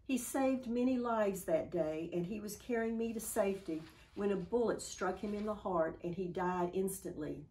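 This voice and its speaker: A woman voicing a humble, grateful young male soldier in a story she is telling, speaking slowly and earnestly. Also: mid-range voice, dark tone, close to an everyday voice, low-quality recording.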